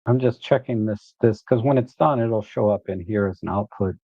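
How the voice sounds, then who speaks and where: A man hosting a live photo editing walkthrough, relaxed and thinking aloud as he works. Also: on the low side, moderate pace, dry recording, dull audio.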